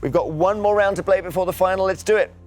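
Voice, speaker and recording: A man's voice: high voice, steady tone, quick pace, soft background music. A man hosting a quiz show in a TV studio, upbeat and teasing as he reads out questions.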